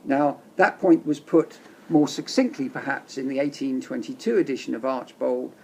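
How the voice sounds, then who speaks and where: Measured man explaining case law, gravelly. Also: medium pitch, darkish tone, slight background noise. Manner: measured, emphatic, reads quotations aloud. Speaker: law lecturer. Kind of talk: explanatory lecture narration.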